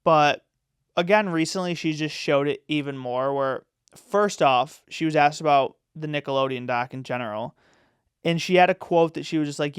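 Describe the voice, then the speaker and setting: A man hosts a podcast, chatting in a loose, rambling way and packing his strong opinions with fillers. His voice sits a little high and sounds smooth and clear. The recording is dry and close. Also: moderate pace, no echo. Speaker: podcast host. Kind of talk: casual chat.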